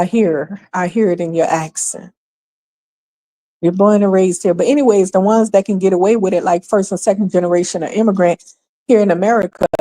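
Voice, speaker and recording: A woman's voice: mid-range voice, warm tone. A woman from New York hosting a livestream, delivering emphatic, sarcastic, opinionated commentary full of rhetorical questions. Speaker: livestream host.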